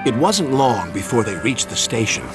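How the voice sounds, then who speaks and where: Expressive American male storyteller. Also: mid-range voice, moderate pace. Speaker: narrator. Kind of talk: scripted storybook narration. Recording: narration over music.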